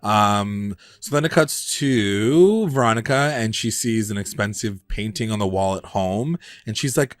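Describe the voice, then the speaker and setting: A man co-hosting a casual TV recap podcast, with a lowish voice recorded close and dry. He talks in an animated way, packing in fillers and cheerful swearing. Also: measured pace, hardly any pauses, no echo. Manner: animated, heavy on "like", swears freely. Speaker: podcast co-host.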